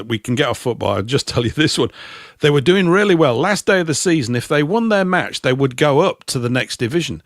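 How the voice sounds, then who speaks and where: A man's voice: mid-range voice, no room sound, clean studio sound. A British man in casual talk-show chat, rambling and opinionated as a co-host.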